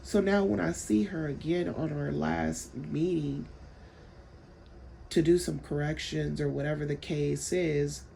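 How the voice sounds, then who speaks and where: A woman's voice: low-pitched, fairly even intonation, unhurried, gravelly, dark tone, slight background noise. A woman telling a story in a casual, blunt way, swearing freely and repeating herself as she vents. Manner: rambling, repeats words while telling a story. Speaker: vlogger.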